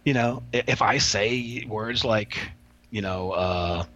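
A former prison officer, appearing as a guest, tells stories in a casual podcast, rambling in a folksy way with many restarts and some slang. His voice is fairly low and a bit bright, and he takes it slowly; the recording sounds muffled.

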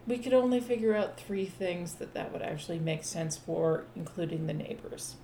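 Blunt, low-voiced woman co-host. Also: animated, moderate pace, warm tone, roomy sound, slight background noise. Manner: blunt, opinionated, swears freely. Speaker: podcast co-host. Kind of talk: casual chat.

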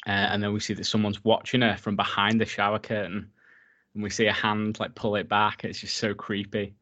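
A man's voice: lowish voice, little pitch movement, brisk, sharp tone. A man casually recapping a horror film for his co-host, enthusiastic and swearing freely. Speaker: podcast co-host.

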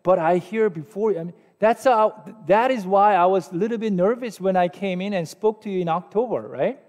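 Speaking at a normal pace, this man has a high voice with a darkish tone. He's a pastor in his forties with a Korean accent, delivering a casual, self-mocking sermon full of questions for his audience, recorded with long hall reverb.

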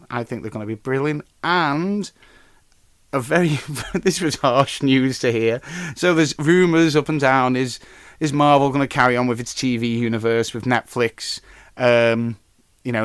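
A man hosting a casual podcast, talking in a mid-pitched voice that rambles between news and personal stories. He swears freely and gets loud and animated once a story takes hold. The sound is dry and close, with no room around it. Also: dry recording. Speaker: podcast host. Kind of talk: casual comic-book news chat and anecdote.

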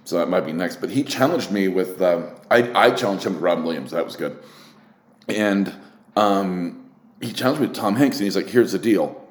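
A man's voice: low-pitched, expressive, moderate pace, echoey room. A man hosting a casual solo podcast, talking candidly and rambling with restarts, swearing often and getting worked up. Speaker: podcast host.

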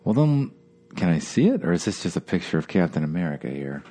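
Deep-voiced weary podcast guy ranting. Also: sing-song, fast talker, dark tone. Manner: rambling, weary and profane, sighing complaints. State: tired. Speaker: podcast host. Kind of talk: casual solo podcast rant.

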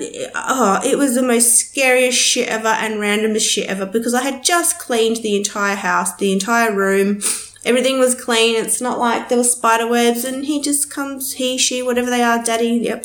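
A woman talks through her recent weeks on her own podcast in a loose, rambling way. She swears freely and leans on fillers as she goes. The room around her gives her voice a clear echo. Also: mid-range voice. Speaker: podcast host. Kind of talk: casual solo podcast chat.

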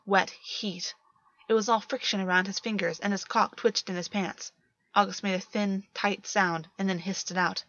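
A woman narrating a story in a steady, measured reading voice. The sound is dry and dull, with a lo-fi quality. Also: medium pitch, no echo. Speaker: reader. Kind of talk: scripted narration.

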